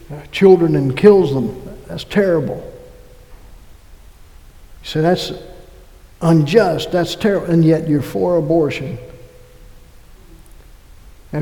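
Man, pastor, sermon, high voice, gravelly, animated scripture reading, long hall reverb. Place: church.

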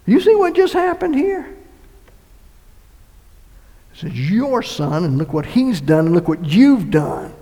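A man preaching a sermon as pastor of his church, swinging between loud emphatic swells and quiet hushed passages. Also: sits high, very animated, slow pace, long pauses. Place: church sanctuary. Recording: long church reverb.

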